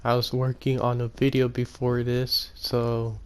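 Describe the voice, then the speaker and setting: A man casually commenting on his own gameplay, rambling and correcting himself, often speaking quietly. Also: mid-range voice, monotone, measured pace, smooth. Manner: rambling, self-correcting, soft-spoken. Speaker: gaming YouTuber.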